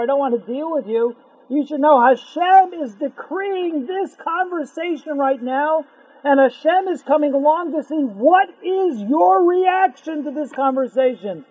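A very high-pitched man with a husky, breathy voice teaches a Torah lesson, retelling a Talmud tale with animated asides and bursts of emphasis. The sound is thin and phone-like. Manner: animated, acts out characters with sudden loud outbursts. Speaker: rabbi giving a Torah class. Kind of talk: storytelling Torah lecture. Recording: tinny phone-line sound.

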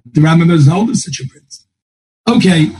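Husky man teaching a Talmud class. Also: a little high, lively intonation, fairly quick, darkish tone, rough recording. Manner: thinking aloud, restarts and quotes texts in a singsong. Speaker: Torah teacher.

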